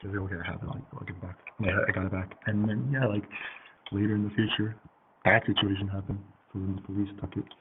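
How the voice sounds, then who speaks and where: Low-voiced man telling a rambling story. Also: steady tone, quick pace. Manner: rambling, filler-heavy, swears freely. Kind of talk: casual storytime monologue. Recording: tinny phone-like audio with faint hiss.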